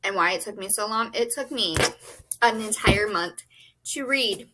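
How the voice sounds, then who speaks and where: A young woman chatting casually to camera as a book vlogger, bubbly and excitable, full of "like" and "um". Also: medium pitch, normal speed, background noise.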